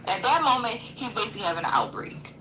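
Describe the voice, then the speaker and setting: A woman's voice: a little high, expressive, fast talker, pushed and bright. A woman co-hosting a reaction video, questioning and blunt in casual commentary. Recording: roomy room with background noise.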